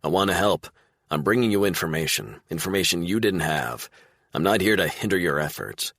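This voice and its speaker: Narrator's own voice as a blunt gruff ex-fed guy, really deep and gravelly, audiobook. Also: lively intonation, fairly quick, fairly bright tone, no room sound, clean studio sound, exaggerated voice. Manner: blunt, profane. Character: blunt, angry middle-aged man, ex-federal agent.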